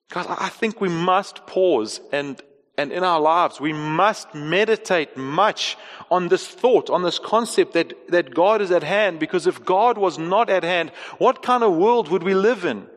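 A man preaching a sermon, earnest, moving between soft slow passages and raised emphatic ones. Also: high voice, lively intonation. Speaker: pastor. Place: church hall. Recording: long hall reverb.

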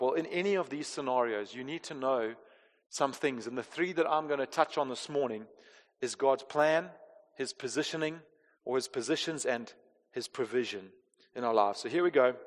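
Pastor guy preaching, expressive, goes loud then hushed, long hall reverb. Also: medium pitch, moderate pace. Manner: expressive, swings between emphatic and hushed. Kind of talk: sermon. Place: church hall.

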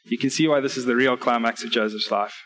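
A man's voice: mid-range voice, fairly even intonation, fast talker, a bit bright, low-quality recording. A man preaching a sermon at a church service, reading scripture and laying out numbered points with earnest, direct appeals to his listeners.

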